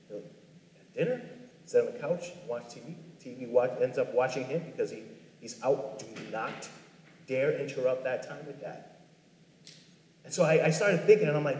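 Brief: man, 30s, heartfelt halting storyteller, a touch high-pitched, echoey room. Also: warm tone. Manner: earnest, halting, with many restarts. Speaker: father telling a personal story. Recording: echoey room with long reverb.

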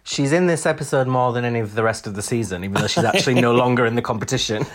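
A man's voice: medium pitch, racing. A man from Huddersfield, co-hosting a podcast in casual, teasing chat. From Huddersfield, England. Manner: chatty, laughing, teasing. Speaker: podcast co-host.

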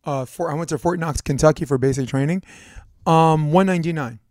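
A man's voice: a little high, a little fast, darkish tone, dry recording, studio quality. A man hosting a podcast, asking loose, rambling questions in a casual chat. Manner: loose, rambling, profane interviewer. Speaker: podcast host.

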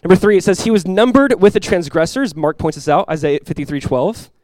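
Male pastor, rapid sermon delivery, slightly high voice, dry close sound; emphatic, climbs on scripture quotes. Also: darkish tone, no room sound. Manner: emphatic preaching, voice climbs and swells when quoting scripture; conversational asides with quick restarts.

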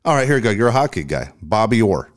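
A man's voice: lowish voice, big pitch swings, quick pace. A man co-hosting a casual podcast, telling rambling, profane stories. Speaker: co-host.

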